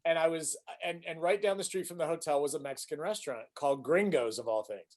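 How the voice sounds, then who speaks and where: A man with a fairly high voice spins a quick anecdote on a video call. He jokes freely with the group, and his voice carries a light, playful bounce. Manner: animated anecdote teller with put-on voices. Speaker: call participant. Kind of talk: casual storytelling on a video call.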